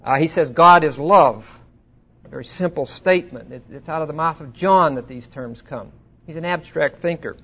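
Man teaching a Bible study. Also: a little high. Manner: conversational, swelling louder on scripture quotes; asks the audience questions.

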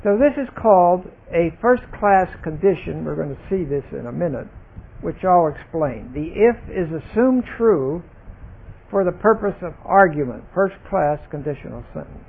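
Husky high-voiced man teaching slowly. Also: lively intonation. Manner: deliberate, stresses single words while explaining grammar. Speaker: Bible teacher. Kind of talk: verse-by-verse Bible study lesson. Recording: tinny phone-like recording.

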